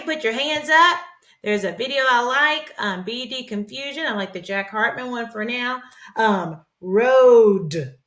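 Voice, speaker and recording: A woman teaching young children to read, giving patient phonics instruction with encouraging, sing-song praise and slowly stretched sounds. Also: mid-range voice, pushed and bright, far from the mic. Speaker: reading teacher. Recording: roomy echo, speaker away from the mic.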